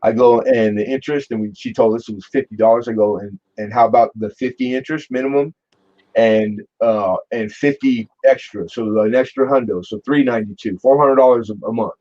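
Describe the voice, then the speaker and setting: A man in his forties tells a long personal story in a casual chat. He talks in an animated way, swears freely and keeps restarting his sentences. His voice sits at an ordinary male pitch, and the recording sounds dull and lo-fi. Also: fairly quick. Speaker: guest telling a personal story.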